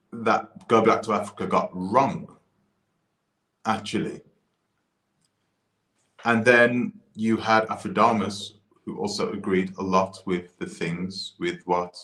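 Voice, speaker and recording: Male commentator from the UK, slightly low voice, animated and rambling, echoey room. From United Kingdom. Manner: animated, frequent restarts and asides. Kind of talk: casual opinion monologue. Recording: roomy echo.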